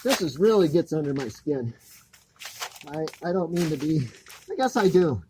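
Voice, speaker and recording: A high-voiced man rants sarcastically, his anger plain as he crawls through a cramped crawl space pointing out shoddy work. A faint hiss sits under the recording. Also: expressive, moderate pace. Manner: sarcastic, angry ranting. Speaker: homeowner inspecting a botched install. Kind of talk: annoyed walkthrough vlog.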